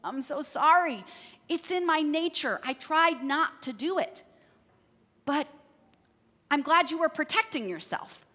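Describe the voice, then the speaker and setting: A woman puts on a sorry, pleading male scorpion from a children's fable. The voice sits high and swings lively up and down. It rings with the long reverb of a big church hall. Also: a little slow, pauses often, exaggerated voice. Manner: earnest, gentle storybook telling.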